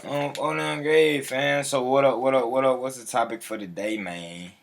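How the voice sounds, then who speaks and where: A man's voice: medium pitch, normal speed, vocal fry. A man chatting casually on a livestream, full of slang, repeating his catchphrases and calling out his viewers by name.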